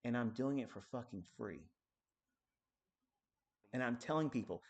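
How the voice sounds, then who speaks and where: Guy ranting on his live stream, swears nonstop, combative, gets loud then drops to a low grumble. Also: a little slow, vocal fry, dull audio. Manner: profane, combative, emphatic; swings between loud outbursts and low muttering. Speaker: trading educator on a live stream.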